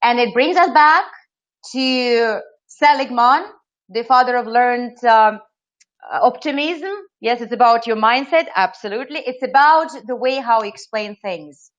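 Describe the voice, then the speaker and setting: A woman running an online training webinar, lively and asking her audience questions. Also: fairly high pitch, unhurried. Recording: slightly dull lo-fi audio.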